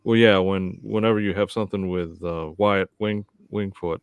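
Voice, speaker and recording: A man on a casual live stream chat, telling easygoing stories and laughing softly. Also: low-pitched, steady tone, moderate pace, clean tone, dry recording.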